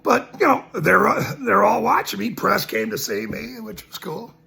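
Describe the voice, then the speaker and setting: A man's voice: sits high, very animated, moderate pace, vocal fry, bright, forceful tone, a little hiss or hum. A man ranting to camera, mocking and laughing between his lines and repeating his points emphatically. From Ireland. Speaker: citizen journalist.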